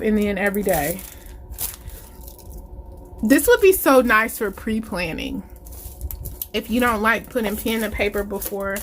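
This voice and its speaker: A woman, gushing with excitement as she unboxes planner supplies and chats to her viewers. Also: fairly high pitch, slight background noise. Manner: gushing, excitable, exclamations of delight. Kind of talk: casual unboxing chat to viewers.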